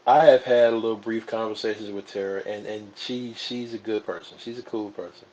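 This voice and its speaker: A man's voice: lowish voice, fairly even intonation, brisk, warm tone, dull audio, a little hiss or hum. A man in his forties, a guest on a casual livestream chat, talking in an easygoing, laid-back way. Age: 40s.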